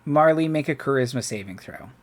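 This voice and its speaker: Guy dm-ing a tabletop game, laid back, jokey, talks through the rules out loud. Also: medium pitch, a little fast, slight background noise. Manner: relaxed, joking, thinks aloud about rules. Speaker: dungeon master.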